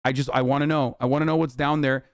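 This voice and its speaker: A man's voice: medium pitch, flat delivery, quick pace, no echo. Profane ranting streamer man. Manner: profane, exasperated ranting with filler words. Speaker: streamer reacting to news clips. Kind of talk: live-stream reaction rant.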